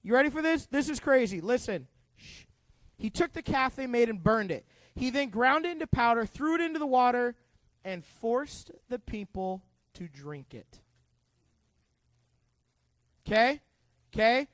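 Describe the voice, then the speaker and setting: A youth pastor talking to middle schoolers, lively and chatty, acting out the characters and questioning the room. His voice sits high for a man, and the sound is dry and close. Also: moderate pace, dry recording. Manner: animated, conversational, acts out characters, asks the group questions. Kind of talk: youth group Bible teaching.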